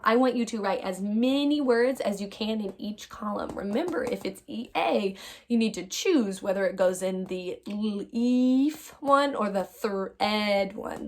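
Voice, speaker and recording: Woman teacher, mid-pitch, cheerful, drawn-out phonics sounds for little kids. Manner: upbeat, exaggerated sounding-out, calls students my friends. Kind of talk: phonics lesson for young children.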